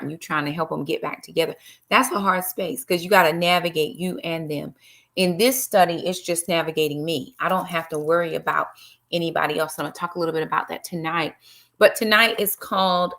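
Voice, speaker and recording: A middle-aged woman chats through a live-stream devotional, greeting viewers by name and slipping into preachy asides. Her voice sits fairly low with a gravelly edge. She talks casually to her audience between points. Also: a bit bright. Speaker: livestream host and Bible study teacher.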